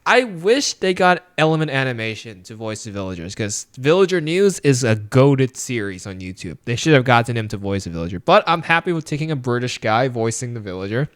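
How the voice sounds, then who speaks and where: A man co-hosting a casual podcast chat about a movie. He retells scenes with animated energy, jumping up in pitch to act out characters' lines and laughing often. His voice sits at an ordinary middle pitch. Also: fairly quick, few pauses. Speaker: podcast co-host.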